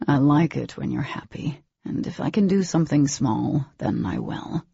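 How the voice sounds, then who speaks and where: A woman voicing a teasing, cocky young male boyfriend in an audiobook, with a slow, low drawl. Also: lively intonation, creaky, mellow, husky, dry recording, dull audio, full character voice. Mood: tender. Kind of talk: audiobook character voice.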